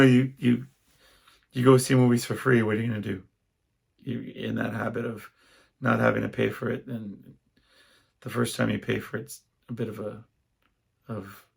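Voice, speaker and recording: Gravelly-voiced man rambling on a podcast. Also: on the low side. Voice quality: gravelly, husky. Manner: rambling, self-interrupting storyteller. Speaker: podcast host. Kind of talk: casual solo podcast monologue.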